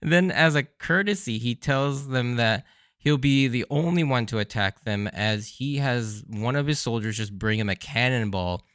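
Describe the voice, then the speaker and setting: An enthusiastic man hosting a podcast and recapping anime episodes in a loose, chatty way, often breaking into laughter. His voice sits in a middle pitch range. The recording is dry and close to the mic. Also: animated, moderate pace, fairly bright tone, clean tone, no echo. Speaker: podcast host.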